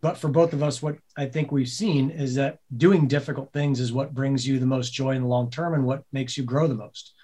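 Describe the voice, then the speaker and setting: A man telling a personal story in a casual podcast conversation, animated and swearing freely, laughing as he goes. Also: medium pitch, a little fast, few pauses. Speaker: podcast guest, business co-owner.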